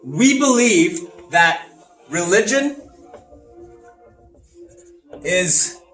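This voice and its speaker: A man playing a grandiose communist in a comedic lesson skit, lecturing in a drawn-out, emphatic way. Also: sits high, sing-song, a bit bright, full character voice. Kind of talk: comedic educational role-play. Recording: roomy echo, off-mic, faint music.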